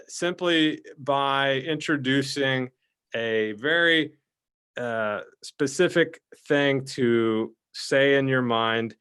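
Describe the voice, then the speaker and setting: A man's voice: mid-range voice, fairly bright tone, smooth. Man, talkative co-host, rambling casual chat, mid-range voice. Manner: rambling, talkative, self-described blabbermouth. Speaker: podcast co-host.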